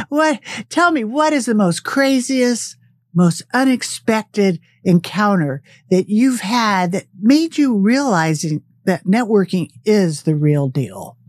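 A woman's voice: medium pitch, expressive, slow, no room sound, studio quality. A middle-aged woman hosting a podcast, reading an upbeat, hype-building introduction and then chatting with her guest. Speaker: podcast host. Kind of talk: scripted show intro, then casual interview chat.

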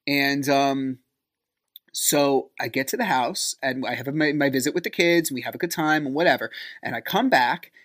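A man hosting a podcast, telling a personal story in a casual, conversational way. He fills his talk with fillers, sounds wry and exasperated, and acts out quoted dialogue with big jumps in pitch. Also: moderate pace, fairly bright tone. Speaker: podcast host.

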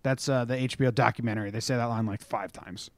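A man's voice: medium pitch, fast, no room sound. A man co-hosting a casual sports chat, telling stories and acting out locker-room quotes with lots of swearing. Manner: animated storyteller, acts out quotes with profanity. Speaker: podcast co-host.

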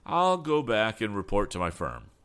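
Brief: male narrator as smooth, coaxing company agent, lifted pitch. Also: wildly swooping pitch, moderate pace, a bit bright. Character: smooth persuasive middle-aged male agent.

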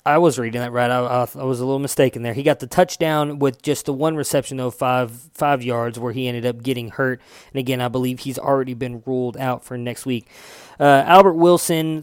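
Smooth-voiced casual fantasy football man. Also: medium pitch, no echo, clean studio sound. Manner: loose and chatty, swears, corrects himself. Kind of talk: casual solo recap.

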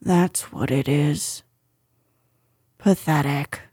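A woman's voice: deep voice, drawn-out words, mellow, breathy edge, no echo, studio quality, pitched below the performer's own voice, exaggerated voice. A woman voicing a gloomy old gray male donkey in a storybook, talking in a mournful, self-pitying way.

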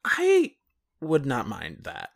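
A man's voice: medium pitch, huge pitch swings, very slow, gravelly. A man co-hosting a casual movie chat, joking crudely and acting out characters. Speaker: podcast co-host.

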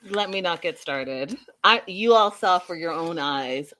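A woman's voice: fairly low pitch, animated, measured pace, bright, forceful tone. A woman giving an opinionated, sassy recap of a reality show, talking straight to her viewers. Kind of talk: casual reality TV recap commentary.

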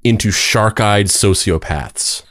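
A podcast co-host with a somewhat low voice breaks in with wry, jokey asides. He talks in a casual, conversational way. The recording is dry and close. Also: slow, a bit bright, no room sound. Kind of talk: casual comedic banter.

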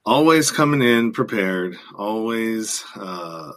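An American man hosts a loose, casual interview, rambling and hesitant, full of fillers and restarts. His voice sits fairly low but sounds bright and forceful. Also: expressive, slow pace. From United States. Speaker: host.

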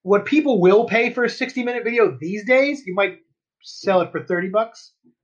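High-voiced man rambling on a podcast. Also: moderate pace, highs cut off. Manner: rambling, explains at length. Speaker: podcast co-host. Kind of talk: casual chat.

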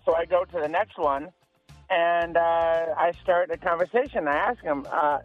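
High-voiced male caller on a dull line. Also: normal speed, no echo, soft background music. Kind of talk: telling a story on air. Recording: dry, muffled phone-in line.

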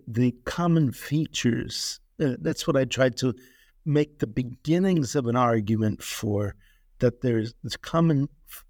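A man's voice: mid-range voice, darkish tone, no room sound, studio quality. A man, an author being interviewed, answering in a hesitant scholarly way with many restarts and fillers.

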